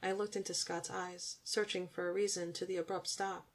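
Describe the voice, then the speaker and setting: Young female audiobook narrator, gravelly and on the low side, intimate and even. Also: moderate pace.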